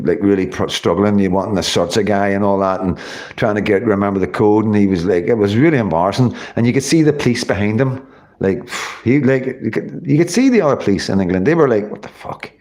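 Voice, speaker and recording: Fairly low-pitched and darkish in tone, this middle-aged Northern Irish man talks rather quickly. He's on a casual livestream going through viewer comments, wandering off topic, swearing a lot and using many fillers.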